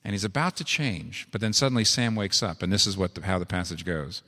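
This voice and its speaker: A low-voiced male preacher delivering a sermon in a church, earnest and intimate one moment, then pressing hard and climbing in urgency. His words ring out with a long reverb through the large sanctuary. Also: fairly quick, bright, forceful tone. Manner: earnest, rising to urgent exhortation.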